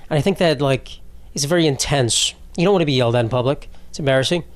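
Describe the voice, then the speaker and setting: Rambling and cursing through comic stories, a podcast host laughs at his own jokes in a medium-pitched voice at a quick pace, delivering a comedic monologue.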